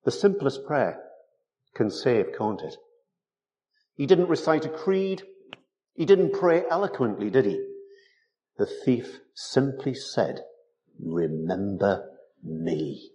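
A man's voice: mid-range voice, very animated, takes it slowly, pauses often, mellow. A man preaching a sermon, emphatic and full of rhetorical tag questions.

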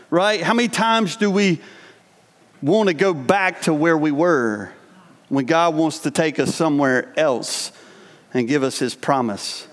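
A man's voice: a little high, measured pace. A man preaching a sermon, reading scripture aloud and breaking into earnest, conversational asides. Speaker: pastor. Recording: long hall reverb.

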